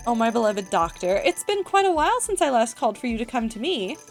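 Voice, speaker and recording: A woman's voice: on the high side, very animated, fast talker, faint music behind, pitched above the performer's own voice. A woman voicing a doting, theatrical female AI machine that speaks in fawning, flowery praise.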